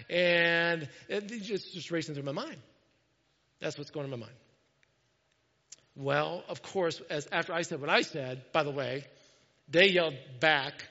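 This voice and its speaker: A pastor telling a story in a sermon, animated and self-mocking, acting out what people said. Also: male voice, fairly high pitch, normal speed, big-room sound, highs cut off.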